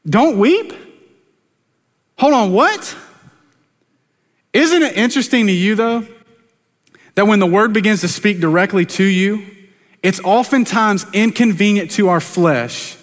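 A pastor with a high voice preaches to his congregation. He keeps it chatty and jokes at his own expense. His words ring with the long reverb of a church sanctuary. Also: a bit bright. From South Carolina, US. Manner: conversational, self-deprecating preaching with quick asides to the congregation. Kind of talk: sermon.

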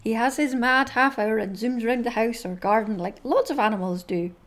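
A woman's voice: on the high side, normal speed. Bubbly Scottish woman hosting a podcast. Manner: chatty and bubbly, laughs often. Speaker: podcast host. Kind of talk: casual chat podcast.

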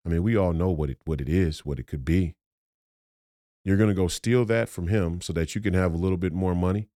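A man's voice: low-pitched, a little fast, dark tone, no room sound, studio quality. A man hosting a podcast, giving a blunt, profane, confrontational monologue that repeats phrases for emphasis. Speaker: podcast host.

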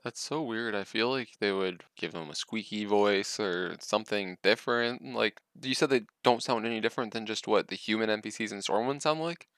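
A man's voice: fairly low pitch, fairly quick, hardly any pauses, a bit bright. A man co-hosting a casual gaming podcast in an easygoing way. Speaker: podcast co-host.

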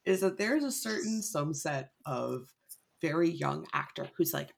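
A woman's voice: sits low, expressive, unhurried, gravelly. A woman drama teacher talking in a casual podcast discussion, emphatic and storytelling with lots of fillers. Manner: acts out quoted people.

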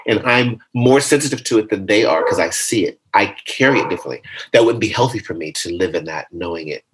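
A low-voiced man talks loosely and playfully as an interview guest, often leaping up into high, joking voices. A faint noise sits under the recording. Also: quick pace. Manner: animated, playful, jumps into high comic voices. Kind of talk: casual interview conversation.

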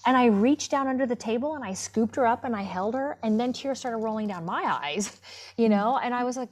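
A woman's voice: on the high side, a little fast, a little mellow. A woman in her fifties telling a personal story as an interview guest, heartfelt and emphatic, often restarting her words. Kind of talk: casual interview chat.

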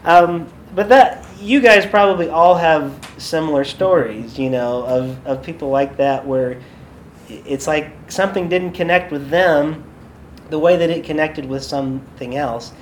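Chatty worship-leader man, slightly high voice. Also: a little slow, a little hiss or hum. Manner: chatty, loose, with many fillers and asides. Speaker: worship leader and podcast host. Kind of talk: casual workshop talk with stories.

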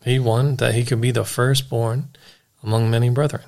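A man's voice: medium pitch, level tone, normal speed, gravelly, darkish tone. A man co-leading a Bible study, adding affirmations and reading scripture.

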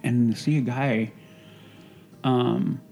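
A man's voice: mid-range voice, fairly even intonation, slow, creaky, warm tone, soft background music. A man, a guest on a podcast, sharing emotional memories from a film set, with lots of fillers and a habit of saying "I'm like". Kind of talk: casual conversation.

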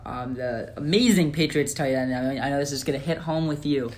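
A man co-hosting a casual sports podcast, opinionated and animated, with lots of fillers. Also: on the high side, a little fast, slight background noise. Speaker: podcast co-host.

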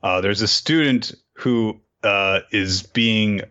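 A man's voice: fairly low pitch, takes it slowly, clean tone, highs cut off. A man co-hosting a podcast, casually and animatedly recapping a manga and acting out its scenes. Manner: animated storyteller, acts out the scenes. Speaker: podcast co-host.

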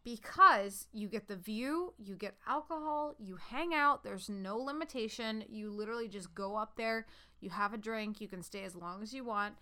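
A woman in her thirties telling a story in casual chat, animated and swearing freely. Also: mid-range voice, normal speed, smooth. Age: 30s.

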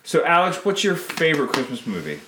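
A man hosting a casual podcast chat, talking in quick asides. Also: fairly high pitch, wildly swooping pitch, background noise. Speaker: podcast host. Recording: roomy echo.

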